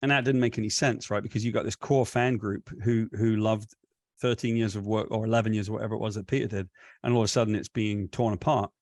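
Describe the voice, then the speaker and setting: A man's voice: fairly low pitch, fast talker. A man being interviewed, telling a long, winding story about his career with many self-corrections. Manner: rambling, animated retelling with self-corrections. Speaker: comic book writer, guest.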